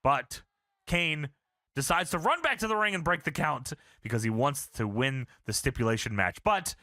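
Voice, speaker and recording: A man's voice: a little high, moderate pace, no room sound, studio quality. A man co-hosting a podcast, telling a wrestling recap in a casual, profane, laughing way. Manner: animated, profane, laughing storyteller. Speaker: podcast co-host.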